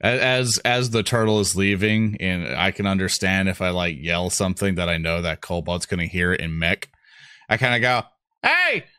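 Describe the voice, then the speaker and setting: A man's voice: deep voice, normal speed, sharp tone, clear, resonant tone, no echo, studio quality. A man playing a tabletop game, joking around and laughing often. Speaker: player.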